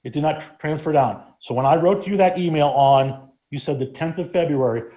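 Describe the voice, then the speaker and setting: A man's voice: on the high side, a little fast, dark tone. A man serving as law director, speaking firmly and defensively in a council meeting debate. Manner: firm, defensive, lawyerly.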